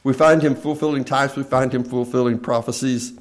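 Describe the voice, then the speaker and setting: A man preaching a sermon, telling the scripture plainly, swelling loud on key phrases and then dropping very soft and slow. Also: mid-range voice, steady tone.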